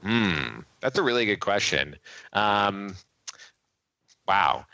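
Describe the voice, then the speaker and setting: A man's voice: fairly low pitch, slow pace, clean tone, no room sound, lo-fi sound. A man being interviewed as a guest, chatting casually with jokes and frequent laughs. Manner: jokey, animated, laughs often. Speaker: guest, tech company CEO.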